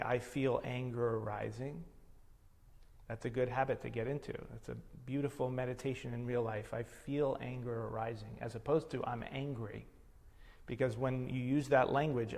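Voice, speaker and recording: A male meditation teacher talks in an unhurried, reflective way at a mid-range pitch. His voice carries a long reverb tail, as if he were recorded in a large hall. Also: fairly even intonation, gravelly.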